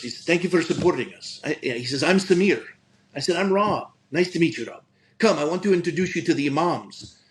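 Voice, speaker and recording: A man's voice: a little high, rough recording. A middle-aged man, a pastor, telling a personal story in an earnest, conversational way, often restarting his sentences. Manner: earnest, frequent restarts and stammered repeats.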